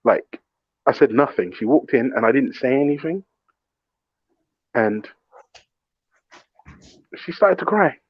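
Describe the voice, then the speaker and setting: A man's voice: medium pitch, slow, pauses often, husky, dry recording. A man, hosting a casual chat and telling a story, mimicking other people's voices as he talks. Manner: animated, mimics voices in stories. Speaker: show host. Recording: muffled remote call audio.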